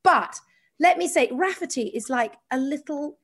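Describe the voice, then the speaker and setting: A middle-aged woman hosting a podcast, chatting casually and telling animated, gushing stories. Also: sits high, normal speed. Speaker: podcast host. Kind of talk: casual chat.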